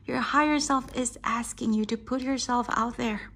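A woman's voice: fairly high pitch, steady tone, normal speed, a bit bright. A woman giving a tarot reading straight to the viewer, reassuring and affectionate, calling them darling, asking "right?" often and laughing between points. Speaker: tarot reader.

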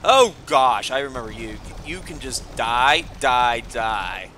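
A man commenting on his own gameplay, excitable and joking, swearing often and taunting the enemies. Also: medium pitch, unhurried, slight background noise. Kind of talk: let's play commentary.

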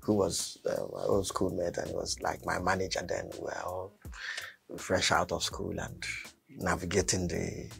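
A man, a painter telling a story as a guest, animated and laughing often. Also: deep voice, moderate pace, vocal fry, soft background music. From Nigeria. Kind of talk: storytelling in a chat.

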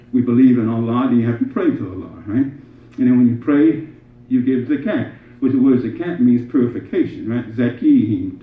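Man preaching in an echoey hall. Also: on the high side. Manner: explains Arabic words, asks "right?" often, rises to emphatic peaks. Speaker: imam giving Friday sermon. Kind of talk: sermon. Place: mosque prayer hall. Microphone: far from mic. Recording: distant, echoey, muffled hall recording.

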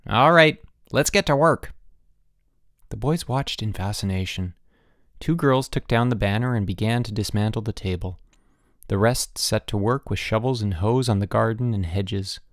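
A man narrating a children's audiobook in an expressive storytelling manner, changing his voice for different characters. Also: lowish voice, normal speed, no room sound, clean studio sound.

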